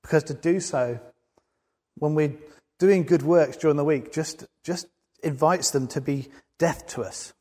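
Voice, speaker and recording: Long reverb from a large hall surrounds a preacher speaking a little slowly with earnest conviction and emphatic peaks. His voice is a little high for a man, with a darkish tone.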